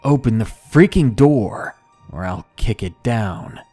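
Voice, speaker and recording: A man voicing a rough, aggressive young male intruder in a horror story narration. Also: medium pitch, sing-song, slow, warm tone, soft background music, pitched above the performer's own voice, heavily acted. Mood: menacing.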